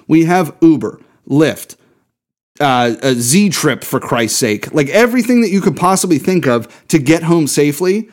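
A man co-hosting a beer podcast, talking in a heated, emphatic way with plenty of swearing. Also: a little high. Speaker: podcast co-host. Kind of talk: casual podcast rant.

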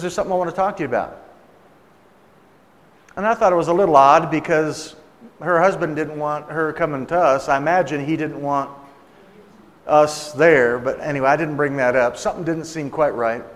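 A man preaches a sermon and tells it as a story, chatting with his listeners and acting out the people in it. His voice sits a little high. A long reverb from the hall trails after each phrase. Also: fairly even intonation, normal speed. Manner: conversational, acts out quoted voices.

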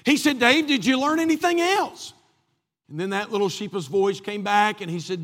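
A man's voice: extremely high pitch, animated, normal speed, a bit bright. A man preaching a sermon as pastor, repeating phrases for emphasis, recorded in a church. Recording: long hall reverb.

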